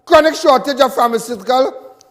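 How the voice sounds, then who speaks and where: Fiery high-voiced Trinidadian man ranting. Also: fairly quick, big-room sound. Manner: fiery, mocking, repeats lines for emphasis. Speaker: host. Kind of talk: political commentary monologue.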